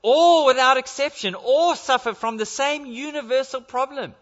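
A man's voice: very high-pitched, normal speed, a bit bright. A male pastor preaching an earnest sermon in a church, driving his points home with repeated rhetorical questions. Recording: dull lo-fi sound with long church reverb.

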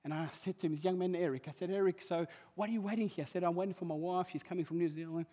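A male pastor preaching a sermon, swinging between hushed asides and loud emphatic calls. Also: high-pitched, steady tone, racing, long reverb tail.

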